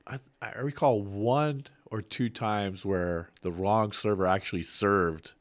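A man co-hosting a casual sports podcast, chiming in with quick reactions and casual swearing. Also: lowish voice, dry recording. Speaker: podcast co-host.

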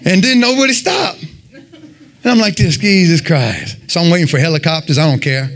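Guy preaching his testimony, voice a bit high, all fired up and winded. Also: brisk, gravelly. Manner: fervent, animated storytelling full of "man". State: sweating, winded after worship. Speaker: lay preacher giving testimony. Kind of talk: sermon and personal testimony.

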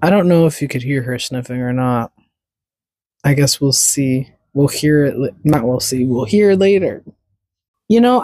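A woman's voice: deep voice, a little mellow, dry recording. A woman hosting a casual solo podcast, rambling chattily and stopping to talk to her cat. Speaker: podcast host.

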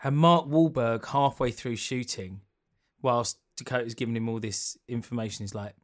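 A man's voice: medium pitch, normal speed. A man co-hosting a casual comedy chat, telling a story and building on the others' jokes. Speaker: podcast co-host.

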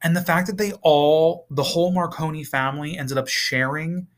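A man's voice: on the high side, fairly even intonation, moderate pace. A man reviewing a TV series in a casual vlog, rambling and exasperated, with frequent swearing.

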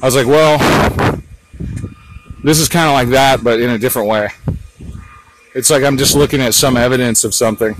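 A man strolls outside and talks into his phone in a loose, rambling monologue, drifting between crude jokes and muttered asides. His voice sits in a middle range. The recording is rough, with clear outdoor noise underneath. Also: medium pitch, steady tone, brisk, long pauses, low-quality recording.

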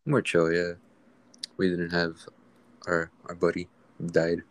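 A young man co-hosting a casual podcast, laid-back and slangy, often agreeing and adding dark jokes. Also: sits low, completely flat delivery, takes it slowly. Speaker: podcast co-host. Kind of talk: casual chat.

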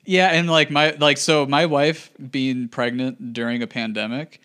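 A young man from Wisconsin talks in an easy, rambling way, stringing thoughts together with fillers. His voice is bright and clear, at an ordinary middle pitch. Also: level tone, a little slow. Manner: rambling, filler-heavy storytelling. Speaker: church staff member. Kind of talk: casual chat.

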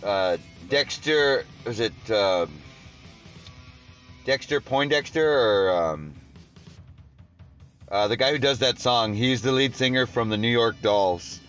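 A man's voice: medium pitch, slow pace, pauses often, a bit bright, muffled recording, soft background music. Rambling, laid-back podcast host man. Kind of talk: casual podcast chat.

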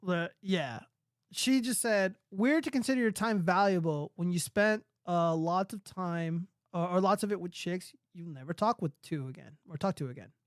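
A man's voice: sits high, normal speed, no room sound, studio quality. A man hosting a livestream, ranting casually and profanely while answering chat. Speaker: livestream host.

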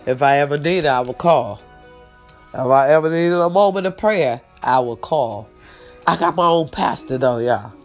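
With a deep voice at a moderate pace and faint music in the background, a woman hosting an online show talks casually and from the heart on a livestream. She speaks right to her audience, says things more than once, and fights tears as she gives thanks to God and her family.

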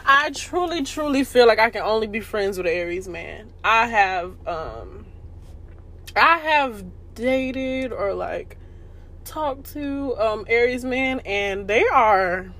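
A woman's voice: a little high, animated, takes it slowly, a bit bright. Young woman, podcast host, casual slangy chat, laughs a lot. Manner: chatty, slangy, laughs often.

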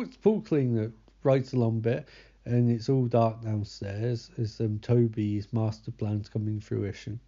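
A man's voice: medium pitch, dark tone. Sarcastic, swearing man recapping a film. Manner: sarcastic, swears often, loses track of names. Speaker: movie commentator. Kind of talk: casual sardonic movie recap. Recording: slightly dull lo-fi recording.

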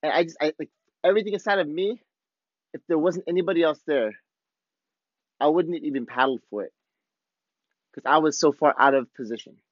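A male podcast host with a fairly high voice tells a surf story in excited, laid-back surfer talk. The recording is dry and a little dull. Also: fairly quick, long pauses, no echo. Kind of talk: casual storytelling monologue.

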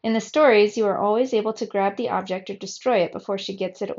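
A woman's voice: medium pitch, fast, a little mellow, close to an everyday voice. A woman reading aloud, voicing an inquisitive, bookish girl of about twelve, on a slightly muffled recording. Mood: curious.

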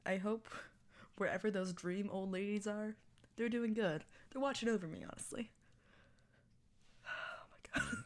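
On the podcast she hosts, a woman from Texas in her early twenties speaks at medium pitch with a slightly mellow tone. She wanders from topic to topic, mocks herself, and laughs frequently.

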